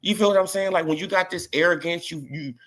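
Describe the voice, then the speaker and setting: This boxing vlogger has a high-pitched, slightly bright voice and a quick pace. In a casual opinion rant he mocks and repeats, often checking in with "right?" and "you feel what I'm saying."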